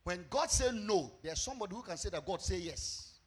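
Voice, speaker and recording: A male pastor, preaching a fervent sermon that breaks into shouts and sung phrases. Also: sits high, lively intonation, fairly quick, husky.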